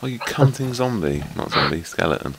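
A man's voice: deep voice, big pitch swings, a little fast, crowd noise. A man playing a game with a friend, swearing a lot and raging at the enemies that keep killing him. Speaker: gamer. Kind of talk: casual gaming chat.

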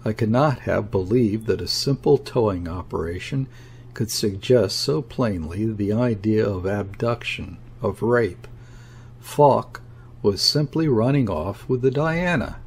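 A man narrating a classic novel as an audiobook, reading in a measured, deliberate way. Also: fairly low pitch, animated, darkish tone, husky. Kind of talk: scripted narration.

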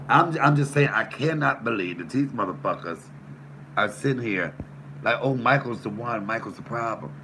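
Ranting on his YouTube livestream, a male host swears, confronts his chat with repeated, emphatic lines, then reads and responds to comments. His mid-range voice sounds creaky, pushed and bright, with a little hiss or hum in the audio.

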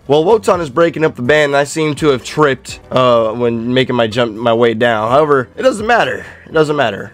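Young guy hyping up his gameplay, slangy and trash talking, middle pitched voice, game music going behind. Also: expressive, a little fast, hardly any pauses. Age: young adult. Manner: hyped, slangy, playful trash talk. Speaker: gaming YouTuber. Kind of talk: gameplay commentary. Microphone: desk microphone.

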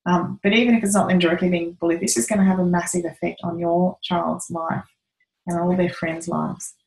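A woman's voice: fairly low pitch, flat delivery, a little fast, vocal fry, darkish tone, echoey room, low-quality recording. A woman giving earnest advice to parents, telling stories with frequent "um"s. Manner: earnest, storytelling with many "um"s and acted quotes. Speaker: parenting educator.

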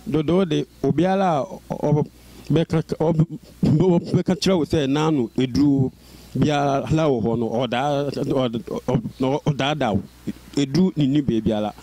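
A man's voice: medium pitch, a little slow, mellow, dry recording. A man who stutters, telling his life story in an interview and repeating sounds and words as he speaks. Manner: stutters, with repeated syllables and restarts. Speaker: interview guest.

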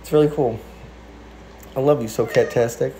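A man's voice: fairly even intonation, moderate pace, slight background noise, low-quality recording. A young man chatting casually on a livestream from his newly moved-into house. He rambles, restarts and corrects himself. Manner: coos to his cats in a high soft voice.

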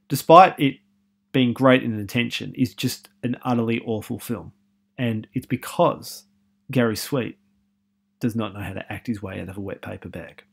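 A man's voice: mid-range voice, vocal fry. A man giving a university film lecture, chatty and opinionated, with many fillers, putting questions to his students.

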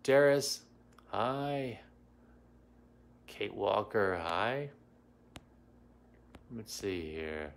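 A man's voice: fairly low pitch, expressive, extremely slow, creaky, pauses often. A middle-aged man hosting a casual livestream as a psychic medium, greeting viewers by name and answering comments with many fillers. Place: home in Washington, D.C.

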